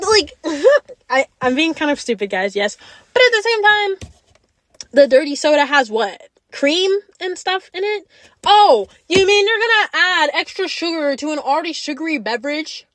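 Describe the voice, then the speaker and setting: A young woman ranting on her podcast in a sassy, chatty way, her high voice swooping up and down. The sound is close and dry, with no room around it. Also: no echo. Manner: animated, sassy, calls listeners babes. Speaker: podcast host. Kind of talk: casual solo podcast rant.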